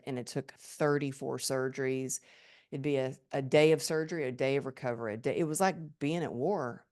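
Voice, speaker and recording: A woman guest on a podcast, telling a personal story in an animated, emphatic way. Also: low-pitched. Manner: animated and emphatic, acts out remembered thoughts.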